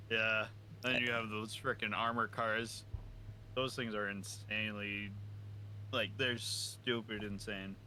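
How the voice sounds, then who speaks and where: Man, podcast co-host, bright and forceful tone, loose and profane, laughs a lot. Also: on the low side, flat delivery, slow pace, long pauses, slight background noise. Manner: laughing often, swearing. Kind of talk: casual chat.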